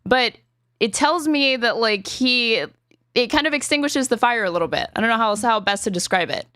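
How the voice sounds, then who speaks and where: A podcast host in casual political chat, talking fast and arguing, with lots of filler words and swearing. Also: female voice, fairly high pitch, expressive, bright, forceful tone, clean tone, dry recording, clean studio sound. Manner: rapid, argumentative, heavy on filler words and swearing.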